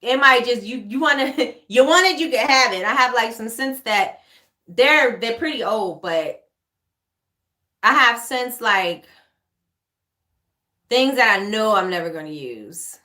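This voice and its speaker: A woman's voice: on the high side, lively intonation, unhurried, pauses often, sharp tone, echoey room. A woman with a New York accent hosting a casual livestream Q&A, chatty and repetitive, reading out viewer comments as she goes. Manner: chatty, repeats herself, reads out viewer comments. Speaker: livestream host, candle maker. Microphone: webcam or phone livestream.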